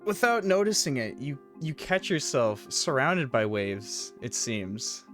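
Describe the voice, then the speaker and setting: Slow, laughing game master. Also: medium pitch, animated, a bit bright, soft background music. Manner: laughs often, rambling with fillers. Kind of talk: narrating a tabletop game.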